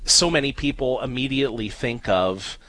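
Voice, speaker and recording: A man's voice: mid-range voice, normal speed, sharp tone, dry recording, rough recording. A man co-hosting a Catholic talk show, explaining things at length with frequent fillers and spelled-out names. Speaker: co-host. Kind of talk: casual radio-style chat.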